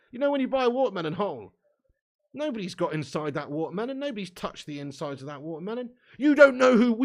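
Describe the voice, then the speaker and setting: A young English man hosting a live stream, chatting in sweary, laddish banter with his viewers and laughing often. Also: high-pitched. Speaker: livestream host. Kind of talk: live watch-along chat.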